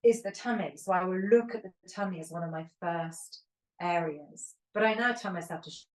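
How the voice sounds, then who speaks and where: A woman's voice: fairly low pitch, moderate pace. A woman in her fifties in frank, candid casual chat, swearing now and then. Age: 50s. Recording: echoey room, mic at a distance.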